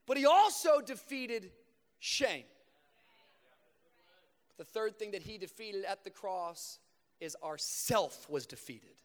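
A young man preaching a sermon to a live congregation, slipping between fast casual storytelling and slow, emphatic preaching. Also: high voice, expressive, a faint crowd. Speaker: pastor. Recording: long reverb of a large hall.

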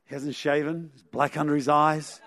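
A man's voice: fairly high pitch, little pitch movement, normal speed, vocal fry, a bit bright, dry recording. A man preaching a sermon, telling a story animatedly with sound effects and chuckles.

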